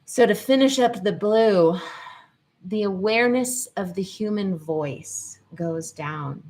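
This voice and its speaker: A woman's voice: mid-range voice, takes it slowly, a little mellow. A woman hosting a live-stream lesson, chatting and greeting viewers as she goes. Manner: chatty, digressive, greets viewers mid-talk. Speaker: host and teacher on the nervous system. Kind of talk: live-stream teaching talk. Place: at home in Colorado.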